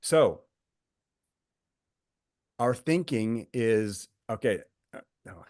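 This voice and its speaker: A middle-aged man, a guest author and coach, telling examples in a lively podcast chat with many fillers and restarts. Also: lowish voice, extremely slow, no room sound, studio quality. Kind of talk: podcast conversation, explaining.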